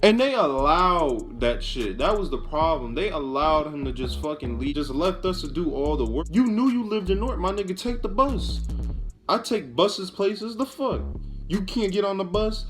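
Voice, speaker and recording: A man's voice: high-pitched, lively intonation, normal speed, music in the background. A young man in his late teens telling a casual, profane storytime vlog about his own life. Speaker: vlogger.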